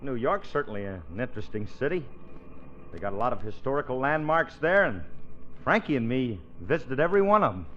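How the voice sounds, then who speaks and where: A man's voice: medium pitch, sing-song, a little fast, fairly bright tone, highs cut off. A man from Tennessee, trading boastful folksy wisecracks in a 1940s radio comedy. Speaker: comedian and co-host. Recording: hissy old radio broadcast.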